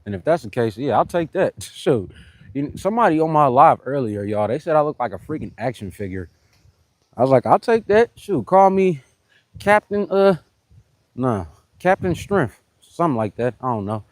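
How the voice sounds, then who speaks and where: A man's voice: medium pitch, big pitch swings, normal speed, no room sound. A man chatting loosely and rambling on a live fitness stream, greeting commenters between his workout sets. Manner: loose and rambling, greets commenters, keeps saying "you know what I'm saying". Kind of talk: casual live-stream chat to viewers.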